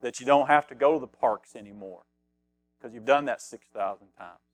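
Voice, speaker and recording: A man's voice: medium pitch, brisk, dry recording. A middle-aged man preaching a conversational sermon as pastor, reading scripture aloud and repeating phrases for emphasis.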